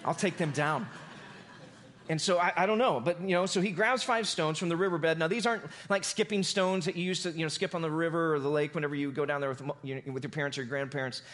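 A man preaching a sermon, retelling a scripture story in a loose, casual, animated way. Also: fairly high pitch, fast talker, hardly any pauses. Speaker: pastor.

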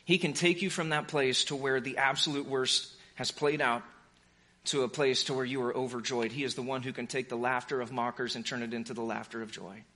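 Bright-voiced passionate male preacher. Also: medium pitch, fairly even intonation, brisk. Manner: passionate, urgent preaching with hushed drops. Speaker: pastor. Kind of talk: sermon.

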